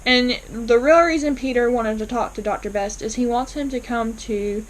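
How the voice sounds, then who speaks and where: A woman's voice: on the high side, normal speed, poor audio. A woman casually recapping a TV episode, chatty, with frequent ums and restarts as she retells scenes. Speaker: TV episode reviewer.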